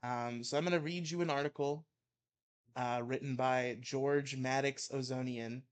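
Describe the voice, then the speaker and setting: A man's voice: medium pitch, fairly even intonation, unhurried, clear, resonant tone. A young man co-hosting a casual show, reading a comedy article aloud with mock outrage and laughing at his own reading. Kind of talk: casual chat and comic dramatic reading.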